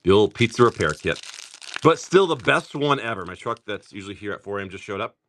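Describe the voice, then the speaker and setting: A man's voice: lowish voice, expressive, a bit bright, slight background noise. A middle-aged man hosting a live stream, opening card packs, rattling off card names and telling joking stories in casual chat. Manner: rapid card-name rundowns mixed with joking stories.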